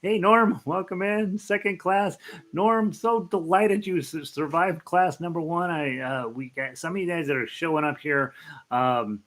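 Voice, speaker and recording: A man's voice: fairly high pitch, unhurried, fairly bright tone. A middle-aged man, a ukulele teacher hosting a live stream, chatting casually and greeting viewers by name, rambling with many fillers. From United States.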